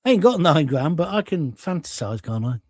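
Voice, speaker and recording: Older bloke doing a live rant show, sarcastic and blunt, highish voice, dry close sound. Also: male voice, sing-song, normal speed, darkish tone, husky, dry recording. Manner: blunt, sarcastic, mocking voices in mini-skits. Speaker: host of a live online talk show reading viewer comments. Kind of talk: ranting live-stream commentary.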